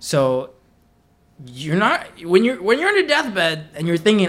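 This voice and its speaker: A man's voice: high-pitched, big pitch swings, moderate pace, a bit bright. A man co-hosting a podcast in casual chat, handing out advice in an earnest, laid-back way. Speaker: podcast co-host.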